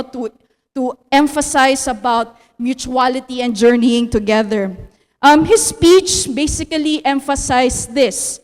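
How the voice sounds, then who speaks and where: Filipina teacher giving a lecture, high voice, tags "no?" a lot, big echoey hall. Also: female voice. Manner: tag "no?" after phrases, mixes in Tagalog. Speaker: theology teacher.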